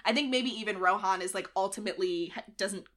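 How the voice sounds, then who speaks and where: A young adult woman co-hosting a podcast, retelling history in a casual, animated way and acting out the quotes. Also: mid-range voice, fast talker. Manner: animated retelling with acted-out quotes and frequent laughs. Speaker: podcast co-host. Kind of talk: casual storytelling chat.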